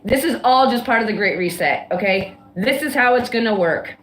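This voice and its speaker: A woman's voice: on the high side, expressive, moderate pace, echoey room, slight background noise. A woman in a heated, casual livestream rant, talking bluntly and defiantly with frequent swearing. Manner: blunt, swearing, defiant, laughs between outbursts. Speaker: livestream guest.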